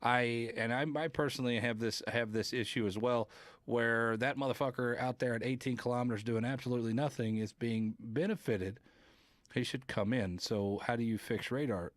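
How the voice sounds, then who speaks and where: A man's voice: medium pitch, no echo. A man hosting a podcast, rambling through casual gaming talk, reading viewer comments and swearing now and then. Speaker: podcast host.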